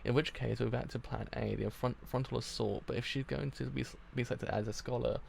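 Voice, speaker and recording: A man with a gravelly voice reading the lines of a calm, scheming spy and father, planning quickly and in a businesslike way. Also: mid-range voice, a little hiss or hum.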